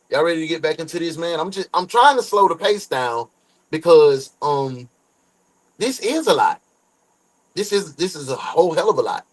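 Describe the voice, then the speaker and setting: A man's voice: fairly high pitch, animated, moderate pace, pauses often, rough recording. A man hosting a true crime reaction stream, talking in slang, cursing and reading viewer comments aloud.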